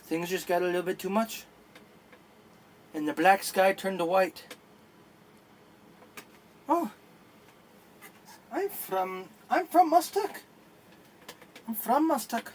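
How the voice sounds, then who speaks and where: A man voicing an excitable adventurer returning to his home, speaking a little higher and stammering. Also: takes it slowly, pauses often, slight background noise. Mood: wistful.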